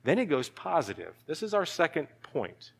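A male pastor preaching a sermon, animated, with sudden drops to a hushed voice. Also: fairly high pitch, normal speed, creaky, husky. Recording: long hall reverb.

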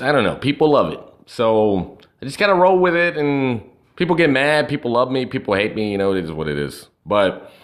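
A rural American man with a lively voice that swings up and down in pitch. He talks bluntly and brashly, swearing heavily and leaning on "you know" all the time. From USA. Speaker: podcast guest. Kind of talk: casual chat.

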